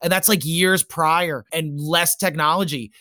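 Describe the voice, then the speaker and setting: Excitable man in casual podcast chat. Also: on the high side, a little slow, no echo, studio quality. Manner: profane, exasperated ranting. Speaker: podcast co-host.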